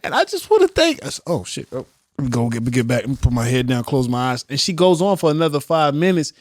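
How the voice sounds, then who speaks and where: A man with an average-pitched voice retelling a reality-TV scene in loose, slangy talk. He acts out what the cast members said as he goes. The recording is dry and close to the mic. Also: fairly even intonation, quick pace, a little mellow, no room sound. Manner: slangy storytelling with acted-out quotes. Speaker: podcast co-host. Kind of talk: casual reality-TV recap chat.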